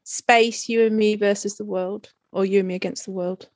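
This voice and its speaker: A woman's voice: mid-range voice, fairly even intonation, moderate pace, no echo, clean studio sound. A woman co-hosting a casual podcast chat, giggly and happy to swear for a laugh. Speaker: podcast co-host.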